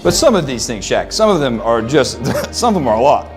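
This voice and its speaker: A man interviewing his guest in a comedy bit, asking teasing, deadpan questions. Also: mid-range voice, a little fast, faint music behind.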